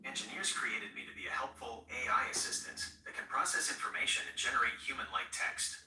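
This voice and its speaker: A man's voice: mid-range voice, fairly quick, bright, forceful tone, distant mic, faint music behind. A male AI voice assistant speaking in a polite, formal, apologetic, scripted way, played through a speaker. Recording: played through a speaker in a roomy space, away from the mic.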